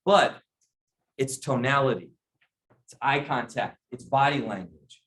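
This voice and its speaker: A man's voice: medium pitch, unhurried, fairly bright tone. A middle-aged man leading a sales training session, talking casually and often checking in with his audience. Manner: conversational, asks the audience questions. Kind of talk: training talk to a group.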